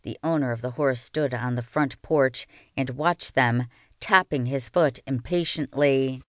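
A woman reading a children's novel aloud with slow, expressive storytelling. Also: very deep voice, no room sound, clean studio sound. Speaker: reader.

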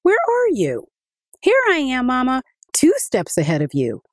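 A woman voicing an eager, excited little village boy in a high, bouncy voice. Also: unhurried, no room sound, clean studio sound, full character voice.

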